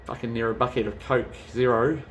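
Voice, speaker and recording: A man's voice: medium pitch, fairly even intonation, a little fast, a bit bright, a little hiss or hum. A man chatting casually as a travel vlogger, rambling and swearing freely. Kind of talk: casual chat.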